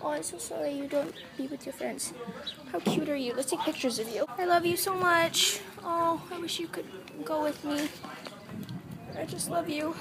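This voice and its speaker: A woman with a very high voice gushes in affectionate baby talk, doting and sweet. She records outdoors on a farm, with a busy crowd chattering around her. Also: moderate pace. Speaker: vlogger on a farm visit. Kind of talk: casual vlog, cooing baby talk to lambs.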